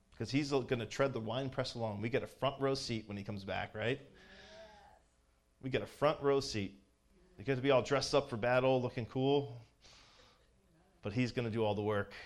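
A man preaching an informal sermon in a conversational way, asking his listeners questions and building to loud, fervent exhortation. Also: medium pitch, moderate pace, long pauses.

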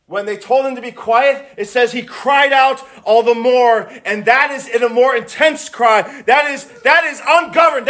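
This is a sermon by a man who reads from the scriptures, starting quiet and low and climbing to loud, high exclamations.

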